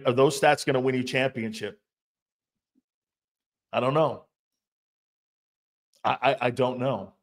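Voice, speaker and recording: A man hosting a sports talk show, reacting to fan comments in a loose, profane way and laughing often. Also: medium pitch. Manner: animated, laughing, profane, loud outbursts.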